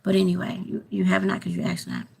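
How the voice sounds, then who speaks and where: A woman's voice: mid-range voice, wildly swooping pitch, fast talker, gravelly, a little mellow, husky, poor audio. A woman vlogging casually to her subscribers, rambling and hesitant, often repeating herself. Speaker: YouTube vlogger.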